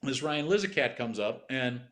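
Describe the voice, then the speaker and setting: Man, middle-aged, bright voice, mid pitch, casual comedic storytelling, rambling, lots of fillers. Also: lively intonation, normal speed. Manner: rambling anecdotal delivery full of "like" fillers and profanity. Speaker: podcast guest, TV writer and producer.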